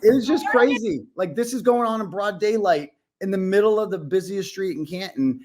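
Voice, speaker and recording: A man telling an animated story as a podcast guest, full of fillers and restarts. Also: sits high, moderate pace, slight background noise. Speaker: podcast guest, independent reporter. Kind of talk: casual podcast conversation.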